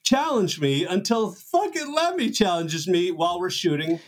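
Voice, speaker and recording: A man's voice: sits high, very animated, normal speed. A man hosting a podcast, chatting casually and rambling through a story with laughs. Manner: laughing, rambling, self-mocking. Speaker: podcast host. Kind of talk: casual chat.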